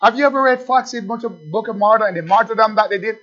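A man preaching a sermon, emphatic, stretching words slowly to stress the scripture. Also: sits high, fairly bright tone. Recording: dull lo-fi recording.

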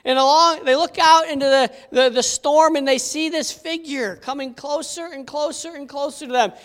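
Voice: high-pitched, steady tone, moderate pace, a bit bright. A Bible teacher giving an interactive lesson, telling stories with animation and asking the audience questions. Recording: long hall reverb.

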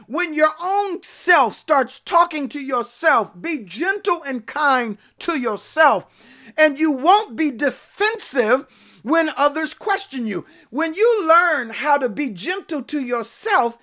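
A woman's voice: high-pitched, expressive, slow, a bit bright. A woman preacher delivering a fervent sermon, calling out to her congregation by name and rising to emphatic peaks.

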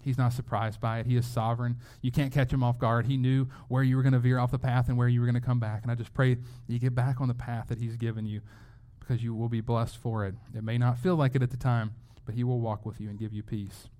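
A man's voice: medium pitch, little pitch movement, fast talker, hardly any pauses, warm tone. A man preaching a sermon as a pastor, in a conversational way, often repeating words as he goes. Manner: conversational, with frequent word repeats.

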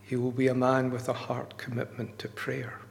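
A man's voice: mid-range voice, completely flat delivery, normal speed, vocal fry. A man preaching a sermon in an earnest, emphatic way, often repeating his key words. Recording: long church-hall reverb.

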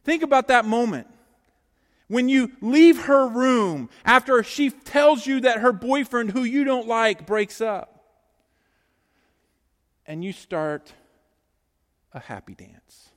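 A middle-aged man preaching a sermon to his congregation as their pastor. He tells stories in a lively, joking way and talks straight to the people in the pews. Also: extremely high pitch, slow pace, pauses often, big-room sound. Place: church sanctuary.

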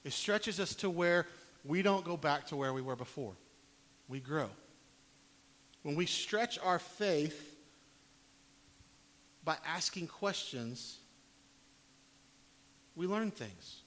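A man preaching a sermon, reading scripture dramatically, rising to loud pleading and dropping to quiet, low emphasis. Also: expressive, slow pace, long pauses. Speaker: pastor. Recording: long hall reverb, faint hiss.

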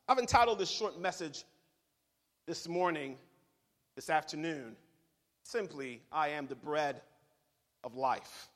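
Young male preacher, playful and animated, call-and-response style, long reverb around him. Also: a little high. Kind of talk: lively sermon. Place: church hall. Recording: reverberant hall.

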